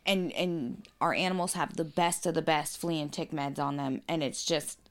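A woman's voice: sits low, moderate pace. A mother, chatting casually and telling stories full of swearing. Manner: profane, animated storyteller. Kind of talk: casual chat.

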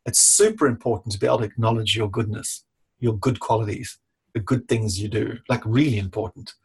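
A man's voice: on the low side, fairly quick, slightly rough. A middle-aged man, a leadership coach, talking frankly and casually, swearing freely and acting out little exchanges. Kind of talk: casual talk to camera.

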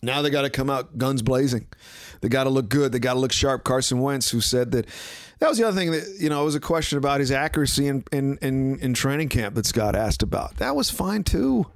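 A man hosting a sports podcast, talking casually and sarcastically, giving betting picks and mimicking others in quick asides. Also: medium pitch, expressive, no room sound, clean studio sound. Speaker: podcast host.

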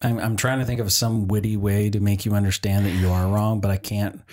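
A man co-hosting a podcast, arguing his points in casual banter with dry, stubborn, deadpan logic. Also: on the low side, a little fast. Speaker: podcast co-host. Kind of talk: casual banter between partners.

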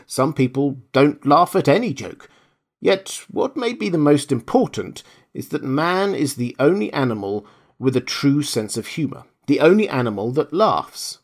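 A man's voice: on the high side, sing-song, moderate pace, voice pushed up. A man voicing a stiff, sullen male grandmaster who speaks sharply in clipped, pointed questions. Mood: stern.

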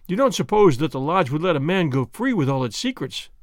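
A man's voice: fairly high pitch, very animated, brisk, no echo, clean studio sound. A man doing an earnest young lover. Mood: coaxing. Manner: coaxing, earnest. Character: young secretive man, ardent lover with a hard edge.

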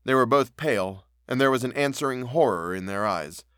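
Man, podcast story narrator, measured steady reading, middle pitch, dry close sound. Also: clean tone, no room sound. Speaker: podcast reader.

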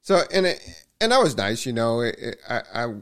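A man's voice: mid-range voice, very animated, fairly quick, a bit bright, clear, resonant tone. Man retelling a story with restarts. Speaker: podcast co-host. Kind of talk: casual podcast chat.

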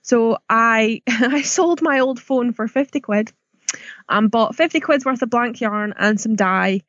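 A woman's voice: on the high side, a little slow, fairly bright tone, no echo, lo-fi sound. A Scottish woman guesting on a podcast, telling a story in a chatty, giggly way. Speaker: guest, yarn dyer. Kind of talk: casual interview chat.

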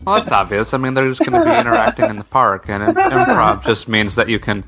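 A man co-hosting a casual podcast, chiming in with quick, wry comments. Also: mid-range voice, huge pitch swings, loud music behind the voice. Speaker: podcast co-host. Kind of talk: casual group chat.

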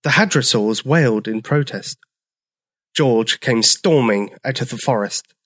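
A man narrating a children's story in a slow, gentle, expressive reading. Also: fairly low pitch.

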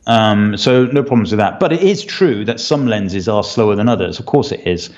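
A man's voice: on the low side, lively intonation, moderate pace, a little mellow, highs cut off. A man co-hosting a photography podcast, explaining at length in casual chat with plenty of fillers and a firm opinion. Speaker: podcast co-host.

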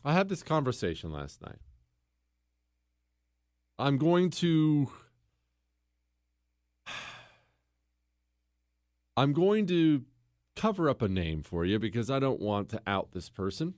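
A man's voice: medium pitch, big pitch swings, takes it slowly, pauses often, a little mellow, no echo. Emphatic man telling a story, dry close sound. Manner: storytelling, mimics others in quotes, emphatic repetition. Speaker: podcast host. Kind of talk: opinionated monologue.

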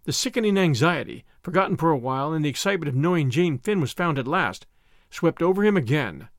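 A man narrating a novel as an audiobook reader, steady and even-toned. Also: fairly high pitch, fast, no echo, studio quality.

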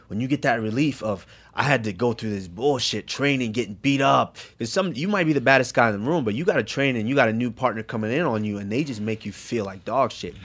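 A man with a low voice talking about fighting in relaxed podcast chat. He stumbles and repeats words as he thinks. His voice often sinks to a soft, near-whispered level. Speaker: fighter guest.

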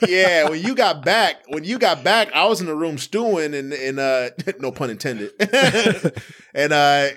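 A man in casual podcast chat, telling animated stories with frequent laughter. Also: on the high side, a little slow. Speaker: podcast co-host.

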